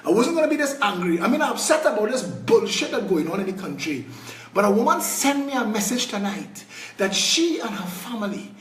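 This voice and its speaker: A man's voice: high-pitched, expressive, a little fast, reverberant, distant mic, slight background noise. A Trinidadian man giving a fiery political speech, blunt and angry, throwing crude insults. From Trinidad and Tobago.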